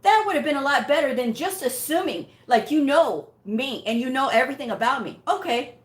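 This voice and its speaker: A woman's voice: sits high, animated, brisk. A woman hosting a medical coding channel, telling a story bluntly and directly. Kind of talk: casual talking-head rant. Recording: echoey room sound.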